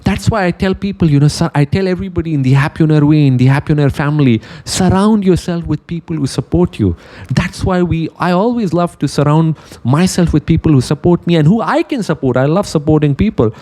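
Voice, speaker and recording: A man with a mellow, warm voice delivering a motivational talk as an animated storyteller. He narrates a parable and slips into its characters' voices before drawing the lesson out to his audience. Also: on the high side, brisk. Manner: animated storyteller, acts out quotes. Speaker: motivational speaker.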